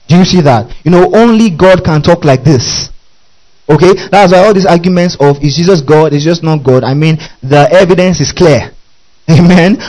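A man with a fairly high voice preaches a sermon. He is emphatic, keeps asking his congregation whether they are following, and drops in hallelujahs and amens between points. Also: darkish tone, poor audio. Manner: repeats questions to the congregation, emphatic; interjects hallelujah and amen. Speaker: pastor.

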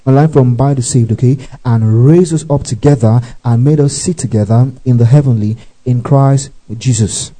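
A man's voice: mid-range voice, normal speed, hardly any pauses, mellow, rough recording. A man preaching a teaching sermon, reading scripture with asides, often asking if listeners follow and breaking into praise exclamations. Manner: reads scripture aloud with asides.

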